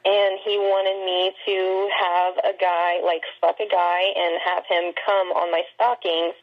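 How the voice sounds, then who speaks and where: Female guest, mid-pitched with vocal fry; easygoing and giggly, on a muffled remote line. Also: little pitch movement, takes it slowly. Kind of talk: casual chat.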